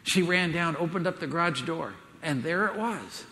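A man's voice: a little high, normal speed, bright, forceful tone. An older man giving a seminar talk, telling jokes in a folksy, chuckling way with lots of fillers. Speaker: speaker at a Christian event. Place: large hall with audience. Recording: hall with long reverb.

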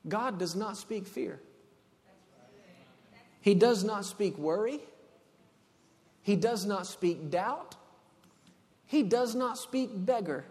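High-voiced preacher in a hall. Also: male voice, animated, takes it slowly, pauses often. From Texas. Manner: preaching, swinging from hushed to loud and emphatic. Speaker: pastor. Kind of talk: sermon. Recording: long hall reverb.

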